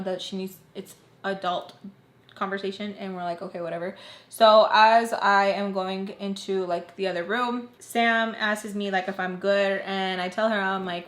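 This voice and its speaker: A young woman telling a personal story to her viewers in a casual, chatty way, using "like" constantly. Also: medium pitch. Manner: chatty, heavy use of "like", addresses viewers as "you guys". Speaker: storytime vlogger. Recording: roomy echo.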